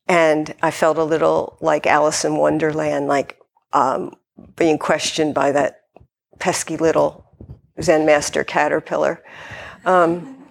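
A woman Zen teacher giving a dharma talk in a reflective, gently hesitant way. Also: low voice, steady tone, moderate pace, gravelly.

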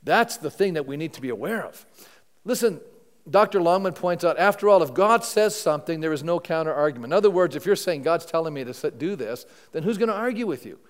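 High-voiced male pastor preaching in a hall. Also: animated, fast talker. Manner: conversational, peppers the congregation with rhetorical questions. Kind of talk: sermon. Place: church sanctuary before a congregation. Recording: long reverb of a large hall.

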